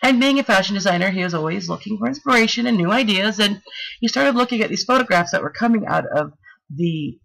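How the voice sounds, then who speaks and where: Animated, jokey woman giving a talk. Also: lowish voice, gravelly, slightly rough, poor audio. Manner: animated and jokey, with slangy asides. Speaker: presenter giving a talk with slides. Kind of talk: playful storytelling lecture.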